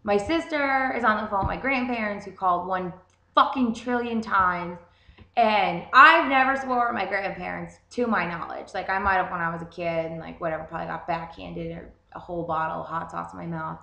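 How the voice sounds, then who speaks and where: A young woman telling a story in a casual, animated way, swearing constantly. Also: on the low side, a little fast, vocal fry. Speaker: vlogger. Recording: roomy echo.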